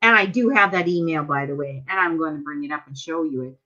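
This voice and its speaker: Speaking fast in a deep, sharp voice, a Canadian woman confronts a group meeting she belongs to, hurling rhetorical questions in an angry, accusatory speech. The recording sounds dull and lo-fi.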